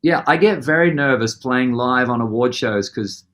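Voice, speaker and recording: A man telling a story in an interview, lively and animated, acting out the other people's lines as he goes. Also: mid-range voice, moderate pace. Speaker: musician guest.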